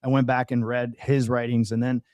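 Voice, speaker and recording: A man sharing a personal testimony as a podcast guest, his voice mellow and unhurried. He talks earnestly, doubling back and restarting as he goes. The close microphone leaves the sound dry, with no room around it. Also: mid-range voice, little pitch movement, dry recording. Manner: earnest storytelling with many restarts and fillers.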